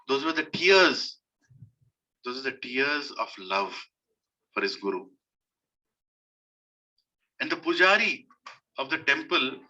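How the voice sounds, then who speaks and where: A man's voice: fairly high pitch, sharp tone, muffled recording. A man with an Indian accent giving a devotional sermon, emphatic and repeating his key phrases. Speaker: preacher.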